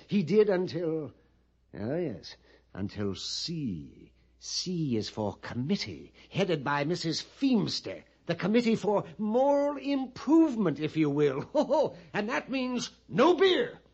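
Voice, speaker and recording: A man's voice: sits high, darkish tone, slightly rough, full character voice. An actor playing a nervous, fussy male storekeeper at an army post in a 1950s radio drama, theatrical and prone to whispering. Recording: dull old radio broadcast recording.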